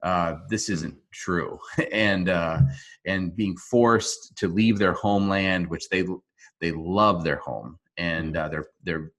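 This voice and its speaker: A man answering interview questions over a video call, earnest and halting, with frequent restarts. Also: low voice, a bit bright. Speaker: interview guest. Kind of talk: remote interview.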